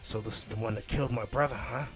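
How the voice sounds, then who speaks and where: A haughty, boastful destroyer god, as a man voices him in a fan retelling, proud and sulky. Middling pitch, told over faint music. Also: steady tone, fast talker, a bit bright, close to an everyday voice.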